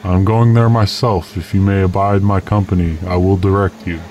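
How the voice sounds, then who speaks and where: A man's voice: low-pitched, flat delivery, fairly quick, darkish tone, lo-fi sound, a little hiss or hum, close to an everyday voice. A man voicing a mysterious masked stranger who speaks in courtly, old-fashioned phrases. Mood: courteous, guarded.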